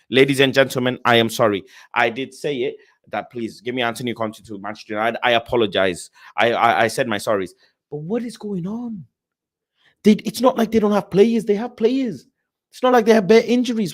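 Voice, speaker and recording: A young man hosting a casual football live stream, talking passionately and swinging between loud rants and low, muttered asides while reading viewer messages. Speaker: football livestream host.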